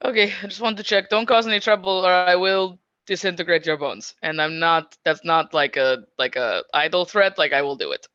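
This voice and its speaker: A woman's voice: lowish voice, brisk, few pauses, fairly bright tone, dry recording. A woman playing in a tabletop role-playing game, blunt and playful in her casual talk. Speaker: player. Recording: dull dry sound.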